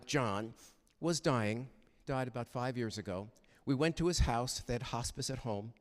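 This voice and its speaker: Older guy telling stories in a chapel, voice jumps all over, big echo. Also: mid-range voice. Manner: animated, heartfelt, halting restarts. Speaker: guest chapel speaker. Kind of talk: storytelling chapel talk. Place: university chapel. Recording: reverberant chapel hall.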